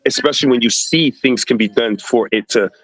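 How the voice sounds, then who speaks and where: A man's voice: mid-range voice, brisk, fairly bright tone, no room sound, low-quality recording. A man chatting as a podcast guest, blunt and profane, acting out quoted voices as he tells stories. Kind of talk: casual podcast chat.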